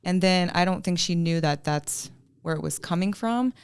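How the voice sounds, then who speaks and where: A woman mental health counselor in casual podcast chat, telling stories animatedly with quick asides. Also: on the low side, a little mellow, clean tone, dry recording, studio quality.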